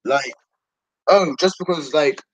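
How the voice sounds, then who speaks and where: A man's voice: a little high, slow pace, dry recording, low-quality recording. Young British man, stammering and rambling, dry close sound; casual vlogger venting. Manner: hesitant and rambling, stammering restarts. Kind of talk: casual vlog rant.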